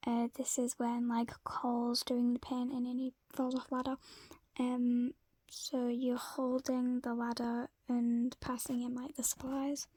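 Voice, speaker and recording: Casual fan-story narrator: high-voiced woman, slow, faltering, whispery delivery in a dry close sound. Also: completely flat delivery, darkish tone, no echo. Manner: halting, often whispered, with fillers.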